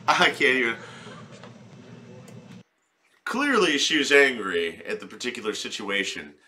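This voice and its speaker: A man's voice: medium pitch, sharp tone, a little hiss or hum. A man doing comic reaction commentary in a crude, rambling, profane way. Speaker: video commentator.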